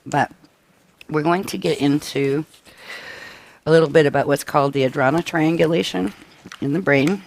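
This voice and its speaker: Tired coughing man giving a briefing. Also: fairly high pitch. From United States. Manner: halting, frequent restarts and throat clearing; tired, up all night. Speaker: workshop presenter. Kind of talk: live-stream workshop briefing.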